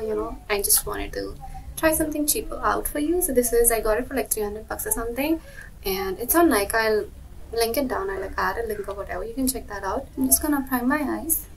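A young woman telling a rambling story time while doing her makeup, full of "like" and lively retelling. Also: fairly high pitch, far from the mic, rough recording. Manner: rambling, lots of "like", animated retelling. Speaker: beauty vlogger.

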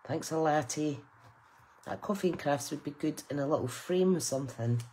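A woman's voice: deep voice, moderate pace, warm tone, slight background noise, low-quality recording. A middle-aged woman, chatting casually and exclaiming with delight as she unboxes craft gifts. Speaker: craft channel host.

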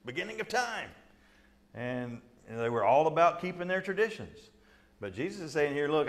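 Animated middle-aged man preaching a sermon. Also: a little high. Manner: animated, acts out quotes with laughs and asides. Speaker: pastor. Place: church sanctuary.

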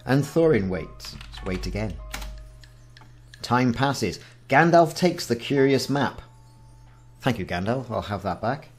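A man's voice: mid-range voice, expressive, takes it slowly, pauses often, faint music behind. A man in his forties hosting a casual game walkthrough, reading the game's text aloud with wry asides. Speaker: gaming channel host.

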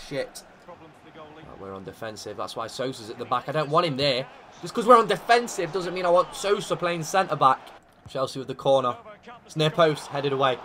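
A young man commenting live on his own football video game career, dry one moment and yelling at big chances the next. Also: fairly high pitch. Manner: excitable, shouting at big moments, dry asides. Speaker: gaming YouTuber.

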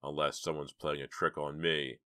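A man's voice: a bass voice, flat delivery, normal speed, sharp tone, clear, resonant tone, dry recording, studio quality. A man voicing a stubborn teenage boy who talks firmly and insistently. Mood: determined. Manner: firm, insistent.

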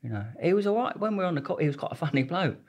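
A man's voice: a little high, very animated, very fast, a little mellow. Rambling slangy man telling prison stories. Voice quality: rambling, slangy, swears freely, many restarts. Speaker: podcast guest. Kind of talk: casual storytelling interview.

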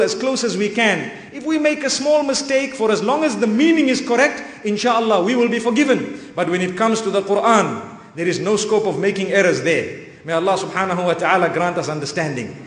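A man delivers an earnest, emphatic sermon, his voice pitched fairly high for a man. His words ring out with a long reverb through a roomy prayer hall. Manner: earnest, emphatic, with frequent Arabic phrases. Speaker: preacher.

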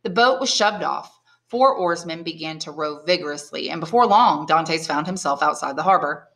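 A woman, an English teacher, reading a classic novel aloud in clear, measured narration. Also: sits low, lively intonation, a bit bright. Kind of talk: audiobook reading.

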